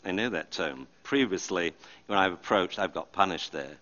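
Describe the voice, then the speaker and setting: Man doing a wary talking dog: low, knowing, slightly dull sound. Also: lively intonation, moderate pace, bright, forceful tone.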